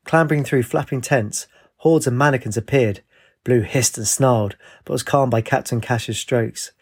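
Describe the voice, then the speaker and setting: A man narrating a fantasy story with a measured, expressive reading. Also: medium pitch, breathy edge.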